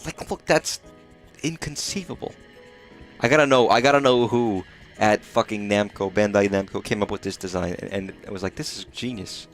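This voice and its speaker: A man's voice: lowish voice, fairly even intonation, moderate pace, faint music behind. A man streaming live gameplay, rambling and swearing casually, sounding exhausted and sleepy. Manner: rambling and profane.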